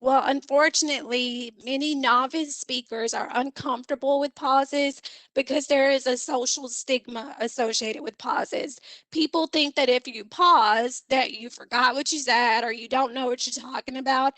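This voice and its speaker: A woman teaching an online seminar on speaking skills, her voice pitched high. She explains each point in a clear, instructive way and acts out short vocal examples. The sound is dry and close, picked up by a computer mic on a video call. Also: steady tone, moderate pace, a bit bright, no room sound, low-quality recording. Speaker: communication instructor.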